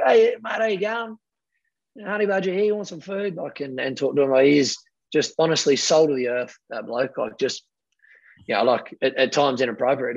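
A man's voice: medium pitch, dry recording. An Australian man in his thirties, a guest telling rambling, laughing anecdotes in a casual way. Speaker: guest rugby player. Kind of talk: casual storytelling. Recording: dull, dry lo-fi audio.

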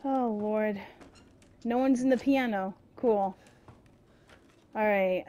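A woman playing a horror game and commenting, frightened, swearing and yelling at the game. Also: mid-range voice, slow pace, a little hiss or hum. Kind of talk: horror let's play commentary.

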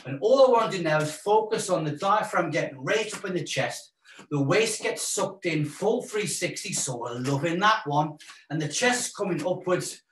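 A Welsh fitness instructor leads a live exercise class, encouraging and jokey as he counts out moves and cues breathing. His fairly high voice has lively intonation at a normal speed. The recording has a little hiss or hum, roomy echo and a distant mic.

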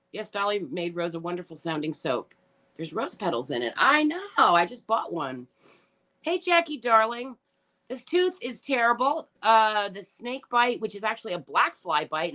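Reading her live chat at a moderate pace, a middle-aged woman rambles emotionally, tearful, upset, and swearing freely in a profane rant. Her bright voice is very lively in pitch and leaps high whenever she gets worked up during this casual stream.

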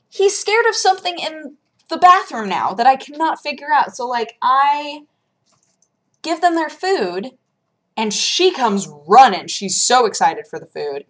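A woman talking casually to her camera at home. Her talk rambles and bounces, full of fillers, restarts and sudden jumps in pitch. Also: fairly bright tone. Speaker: vlogger. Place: home room.

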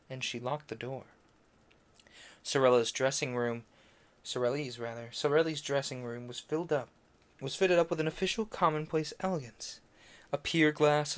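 A man reading a classic novel aloud on a stream, tripping over French names, correcting himself and adding brief offhand asides. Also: on the high side. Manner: adds brief offhand asides between passages. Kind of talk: casual read-aloud narration.

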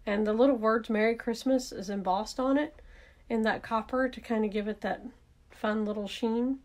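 A woman's voice: a little high, fairly even intonation, normal speed. A woman with a Southern accent, casually talking through a card-making demonstration, thinking aloud and correcting herself as she works. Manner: chatty, thinks aloud while working, self-correcting.

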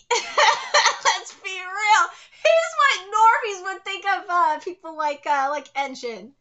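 A woman's voice: very high-pitched, expressive, slow, pushed and bright, highs cut off. A woman streamer gushing and exclaiming as she reacts live to a manga chapter.

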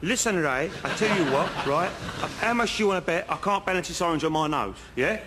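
A man's voice: high-pitched, animated, a little fast. London guy doing a proud geordie builder, not much of an accent, noisy outdoors. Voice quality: botched put-on accent.

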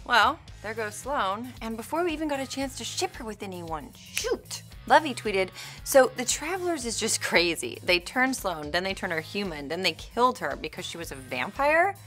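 A woman's voice: mid-range voice, big pitch swings, normal speed, few pauses, a bit bright, faint music behind. A woman hosting a casual TV recap, speaking in a bubbly, sarcastic way. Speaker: host.

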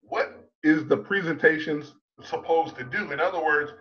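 A man gives an online conference talk as a public speaking coach, emphatic and slowing to land his points. His voice sits fairly high for a man. The sound is dull and lo-fi, as over a video call. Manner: emphatic, asks rhetorical questions, slows down to stress points.

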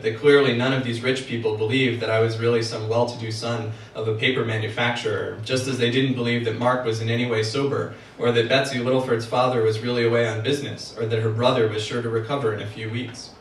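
A man reading his own novel aloud at a book party, with measured first-person narration. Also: medium pitch, little pitch movement, far from the mic, slight background noise. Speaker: author. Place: event room for a book party. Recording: echoey room, heard from afar.

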